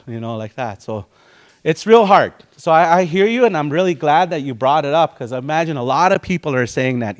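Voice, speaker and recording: A man with a fairly high voice and lively intonation speaks briskly as he teaches a language and culture class in Dakota community English, explaining each word and acting out brief quotes.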